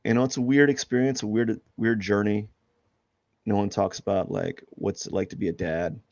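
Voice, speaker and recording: A man with a fairly low voice chats off the cuff while he paints on a live stream. He wanders through his thoughts, stops and restarts his sentences, and laughs at his own situation. The sound is dry and a little dull, like a lo-fi home setup. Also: steady tone, moderate pace, darkish tone, dry recording. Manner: rambling, many restarts and fillers, laughs at himself. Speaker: artist streaming live drawing. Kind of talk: casual talk while drawing live.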